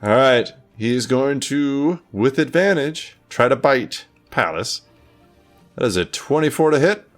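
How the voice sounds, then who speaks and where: A man runs a tabletop game as game master, his pitch rising and falling a lot. He is playful and swears when rolls go badly. Faint music plays behind him. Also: lively intonation, measured pace.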